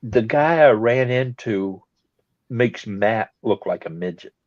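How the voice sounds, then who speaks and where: A man's voice: on the low side, lively intonation, slow pace, no echo. A man telling a rambling, chuckling story during a casual live chat. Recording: dull lo-fi live stream audio.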